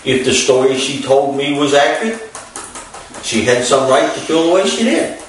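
A man, preaching as he tells a personal story in a folksy, unhurried way with many fillers. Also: medium pitch, expressive, slight background noise. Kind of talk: storytelling sermon. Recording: echoey, far from the mic.

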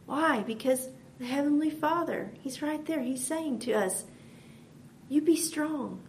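A woman's voice: high-pitched, moderate pace, slight background noise. A woman preaching a devotional sermon in an earnest way, repeating phrases as she builds her point.

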